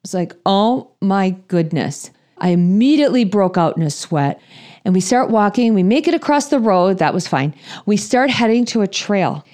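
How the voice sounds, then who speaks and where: A woman in her thirties or forties telling a humorous personal story in an animated, self-deprecating way, acting out her own thoughts. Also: medium pitch, moderate pace.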